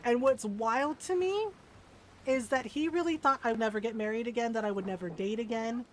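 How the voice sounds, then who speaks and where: A woman in her forties streams a game and tells a personal story at normal speed, her voice on the high side. She's candid and casual, swearing freely and laughing a lot, with slight background noise.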